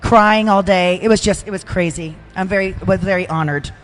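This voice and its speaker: A woman's voice: mid-range voice, a little fast. An older woman chatting as a podcast guest, emotional and self-deprecating, with frequent restarts. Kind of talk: casual chat.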